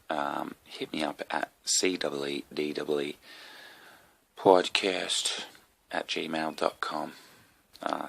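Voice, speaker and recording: A young Australian man rambles through a solo comedy podcast, swearing freely and tossing in asides. His voice sits very low with a gravelly fry, yet comes across bright and forceful, with a sick, slightly coughy edge.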